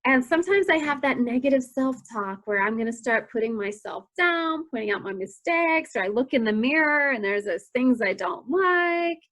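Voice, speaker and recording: A woman's voice: high-pitched, animated, moderate pace, few pauses, a bit bright. A woman in her forties, a prevention educator, telling candid, self-deprecating personal stories in a training talk. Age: 40s.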